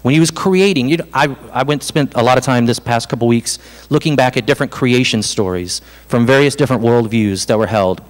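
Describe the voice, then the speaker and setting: A man's voice: mid-range voice, a little fast. Male pastor preaching in a reverberant hall. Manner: animated, conversational preaching with self-deprecating asides. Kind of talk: sermon. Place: church hall.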